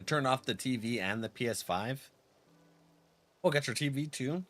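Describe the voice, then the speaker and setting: At a normal speed, with faint music behind him, a man streams a game and chats easily with his audience. He reads their chat aloud, laughs often, and his pitch swings in a lively way.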